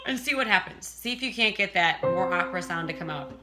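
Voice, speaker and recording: A woman's voice: on the low side, expressive, quick pace, over loud music. A woman teaching a casual singing lesson, chatting and breaking off to demonstrate vocal sounds.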